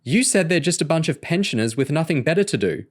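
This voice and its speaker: A cross, indignant young mother snapping at her husband in a storybook reading, as a man puts her on. The voice is pitched well above a plain speaking voice and sounds sharp. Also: big pitch swings, fast. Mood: scornful.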